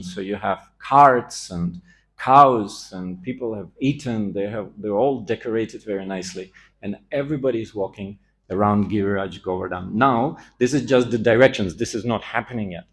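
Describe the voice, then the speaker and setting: A man's voice: lowish voice, moderate pace. A man giving a scripture class in a temple, telling the story with animation and acting out the quoted lines.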